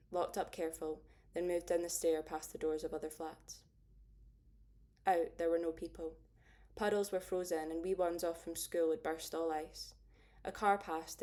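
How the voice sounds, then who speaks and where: A woman narrating a first-person audiobook in a steady, understated way. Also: low voice.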